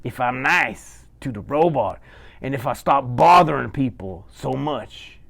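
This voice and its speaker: A lonely male wolf pleads loudly, as a man voices him for a bedtime puppet story. His gravelly voice rises and falls in wide, lively swings. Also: mid-range voice, unhurried, full character voice. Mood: pleading.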